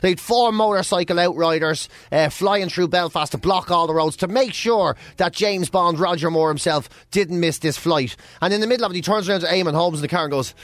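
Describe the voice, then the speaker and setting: A man's voice: high-pitched, expressive, a little fast, a bit bright, no room sound, soft background music. An Irish man co-hosting breakfast radio, arguing in mock outrage and telling stories with animation. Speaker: radio host.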